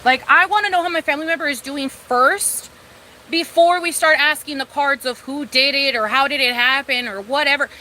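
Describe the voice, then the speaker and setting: Tarot reader lady on a live stream, high bright voice, swears a lot and says stuff over and over. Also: normal speed, slight background noise. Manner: blunt, swears a lot, repeats herself when annoyed. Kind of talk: casual live-stream chat.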